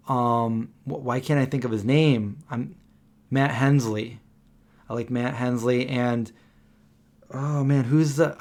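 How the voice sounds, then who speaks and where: A man with a mid-range, slightly mellow voice chats casually on a late-night live stream from home, using a desk microphone. He rambles and pauses to hunt for names he can't remember.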